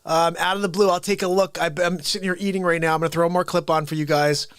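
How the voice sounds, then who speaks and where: A man hosting a casual livestream, talking rapidly and excitedly and reacting to viewers' chat messages. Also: a little high, clear, resonant tone, dry recording, studio quality. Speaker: livestream host.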